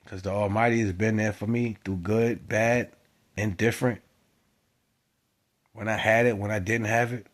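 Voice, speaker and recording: A man giving a spiritual monologue to his viewers, moving from quiet musing to loud, emphatic exhortation. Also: lowish voice, steady tone, normal speed, long pauses. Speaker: spiritual vlogger. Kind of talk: preaching monologue to camera.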